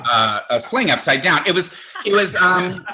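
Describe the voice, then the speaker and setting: A man's voice: high-pitched, lively intonation, moderate pace, a loud crowd. A man in his sixties doing a stand-up comedy set, with a campy, conversational, self-mocking delivery. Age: 60s. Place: home, virtual show.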